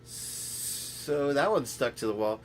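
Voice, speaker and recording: A man's voice: mid-range voice, lively intonation, slow pace. A man hosting a loose podcast in a mid-range voice, wandering from one story to the next and cracking himself up as he goes. A faint noise runs under the recording. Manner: rambling, jokey, often laughs at himself. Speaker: host. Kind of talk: rambling casual podcast chat.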